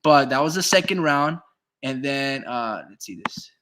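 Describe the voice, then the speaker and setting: A man's voice: medium pitch, lively intonation, a little slow, heavy background noise. A man giving casual, profane boxing commentary on a stream, reading out chat comments and arguing back at them. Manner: heated, profane, argues with chat; reads chat comments aloud and answers them.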